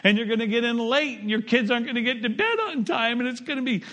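A middle-aged man preaching a sermon as pastor, rising to loud lines and dropping to quiet ones. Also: very high voice, fast.

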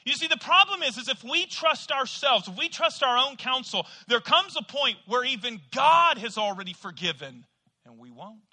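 A male pastor preaching a sermon. He swings between quiet, intimate passages and loud, emphatic ones, and tells playful stories. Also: extremely high pitch, big pitch swings, moderate pace. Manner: playful storytelling, acting out voices in quotes.

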